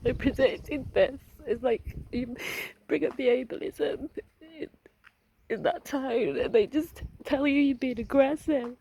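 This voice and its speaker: A woman vlogger crying as she talks through an upsetting experience, halting and laughing through her tears. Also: high voice, vocal fry, dark tone, poor audio. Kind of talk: emotional personal vent.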